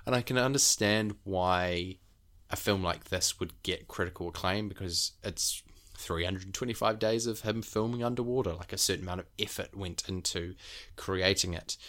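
A low-pitched man co-hosts a casual podcast. He rambles eagerly from topic to topic, padding his talk with fillers and restarts. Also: fairly bright tone. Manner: rambling, enthusiastic, many fillers. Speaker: podcast co-host.

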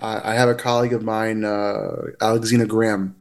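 A man speaking as a therapist guest in a casual podcast interview, talkative and animated, with frequent fillers and restarts. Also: lowish voice, fairly quick, creaky. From United States.

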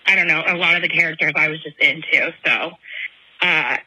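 Woman caller, bright tight voice, chatty and gushing, phone voicemail quality. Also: deep voice, fairly quick, husky, dry recording. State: pumping breast milk while talking. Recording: voicemail over a phone line.

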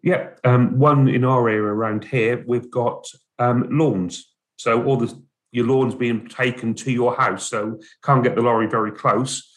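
A man co-hosting a podcast, speaking in a relaxed, plain-spoken way as he moves the talk on to the next topic. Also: medium pitch, measured pace. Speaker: podcast co-host, driver agency office manager. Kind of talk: casual chat.

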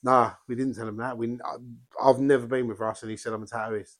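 Guy co-host, dry jokes, mid-pitched. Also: little pitch movement, brisk, a loud crowd. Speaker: podcast co-host. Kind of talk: casual banter.

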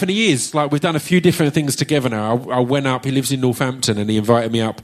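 Man with an Essex accent, casual stage chat, jokey and loose, drops the odd swear, keeps restarting sentences, mid-pitched voice, live audience Q&A. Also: very fast, hardly any pauses, slight background noise. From Essex, England. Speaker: performer hosting an audience Q&A. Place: theatre stage at a live book launch.

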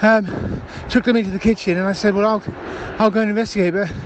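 A man's voice: sits high, fairly even intonation, quick pace, noisy background. A man leaving rambling voicemails, hesitant and stammering, full of ums. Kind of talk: improvised comedy voicemail.

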